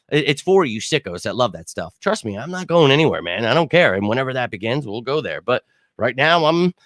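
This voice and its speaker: A man's voice: mid-range voice, fairly bright tone, no room sound, clean studio sound. A man hosting a livestream postgame reaction show, frustrated and swearing as he reads chat comments. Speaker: sports fan show host.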